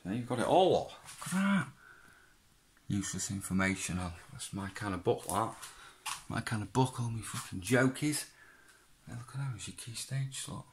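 A man with a lowish voice, rambling and chatty, swearing freely and laughing often as he talks to someone who is not there. A faint hiss sits behind him. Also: normal speed. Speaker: vlogger. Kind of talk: casual chat, talking to an absent child.

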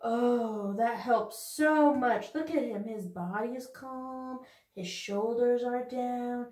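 A woman teaching young children in a video lesson, talking slowly and encouragingly in a sing-song way. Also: fairly high pitch, darkish tone, far from the mic. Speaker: preschool teacher. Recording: echoey room, off-mic.

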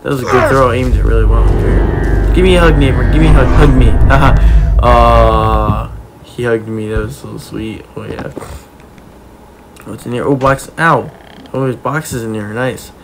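A man giving playful, excitable commentary as he plays a video game, talking to the characters and cheering his own moves. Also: medium pitch, moderate pace, vocal fry, background noise. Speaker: gaming YouTuber.

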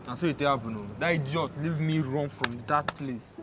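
A man's voice: on the high side, moderate pace, heavy background noise, lightly acted. A man with a Nigerian Pidgin accent playing a shaken police officer who stumbles over his words. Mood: rattled. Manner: hesitant, stumbling. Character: shaken male police officer recounting a beating.

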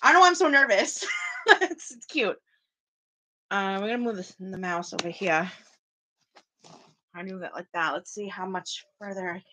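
Bright-voiced chatty woman vlogging. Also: medium pitch, moderate pace, long pauses, a little hiss or hum, rough recording. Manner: rambling, chatty, restarts often, talks to live chat. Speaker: vlogger streaming a home workout. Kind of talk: casual chat to viewers. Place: small room at home. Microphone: camera or phone at home.

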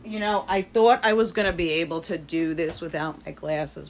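A woman's voice: lowish voice, normal speed, background noise. A woman chatting casually on a livestream, swearing freely and greeting viewers by name. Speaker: vlogger.

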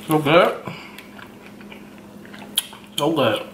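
Bright-voiced man chatting while eating. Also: on the high side, drawn-out words, slight background noise. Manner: relaxed, chats between bites, laughs often. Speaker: mukbang host. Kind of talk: casual eating vlog chat. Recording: roomy echoey room.

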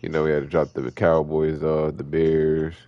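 A man with a Philadelphia accent streaming an online game, loud, excitable and profane as he reacts to the action. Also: rumbling low, normal speed, no echo, highs cut off. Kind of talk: casual gameplay commentary.

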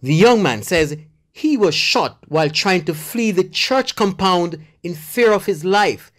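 A news reporter reading a scripted voiceover in a measured, formal delivery. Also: medium pitch, lively intonation.

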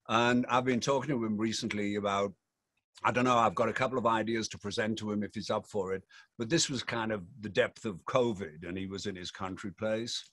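A man's voice: fairly low pitch, a bit bright, dry recording. A man in his sixties with a Yorkshire accent, chatting playfully in an interview with theatrical, jokey asides. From England. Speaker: rock singer.

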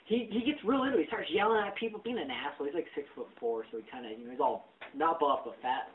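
A man on a podcast telling a profane, animated story and acting out the people in it. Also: fairly high pitch, fast talker, distant mic. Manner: animated, profane, acts out quotes. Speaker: podcast host. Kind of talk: casual storytelling chat. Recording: tinny lo-fi phone-like audio.

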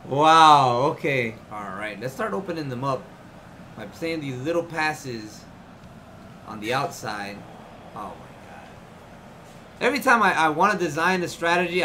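A man giving live commentary on his own video game play, excitable and often frustrated, tossing in "man" and "yo" a lot. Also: fairly high pitch, slight background noise. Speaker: gaming YouTuber.

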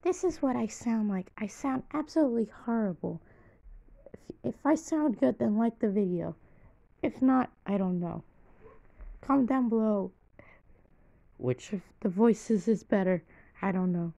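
A woman's voice: expressive, measured pace, gravelly, pauses often, warm tone, rough recording. A woman voicing a perky young girl hedgehog in a strained, raised voice. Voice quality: strained high voice.

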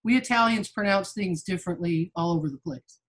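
A woman's voice: fairly low pitch, brisk. Cheerful playful woman co-host. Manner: cheerful, playful, laughs easily. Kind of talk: casual talk-show chat.

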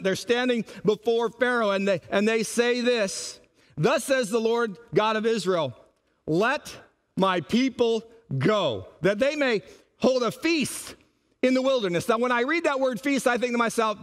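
A man preaching a sermon as pastor, animated and acting out the voices he quotes. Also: sits high.

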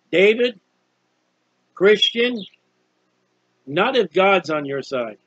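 A man's voice: high voice, sing-song, slow pace, pauses often, fairly bright tone, husky, no room sound, dull audio. A man preaching an informal sermon on a psalm, earnest and conversational, often repeating himself. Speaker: street preacher.

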